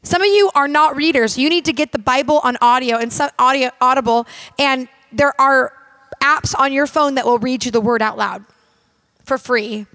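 A woman's voice: sits high, moderate pace, fairly bright tone, no room sound. A woman minister preaching a sermon in an emphatic, direct and conversational way, talking straight to her audience.

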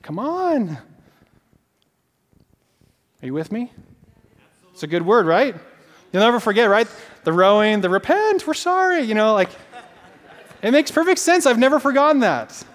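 A man's voice: high voice, moderate pace, long pauses. A man preaching a sermon, telling stories animatedly with lots of casual fillers. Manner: animated storytelling with many fillers. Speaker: pastor. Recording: long reverb of a large hall.

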